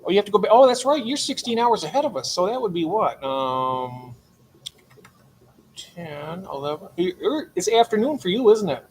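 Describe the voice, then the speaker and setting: An older man hosts a late-night livestream from his aquarium room. His voice sits a touch high, and he chats in a friendly way, greeting viewers by name. A faint hum of room noise runs under the talk. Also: sing-song, normal speed. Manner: chatty, greets chat members warmly by name. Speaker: livestream host.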